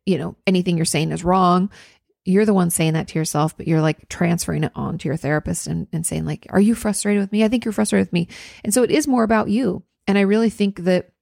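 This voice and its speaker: A woman's voice: on the low side, vocal fry, a little mellow, dry recording, studio quality. A woman therapist casually answering viewer questions, chatty and full of "like" fillers. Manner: conversational, many "like" fillers.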